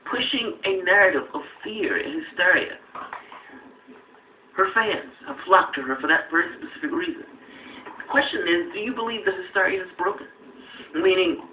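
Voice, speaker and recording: A man giving mocking political commentary, sarcastic and mimicking others. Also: high-pitched. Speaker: political commentator in played clip. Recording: roomy, distant, phone-like with faint noise.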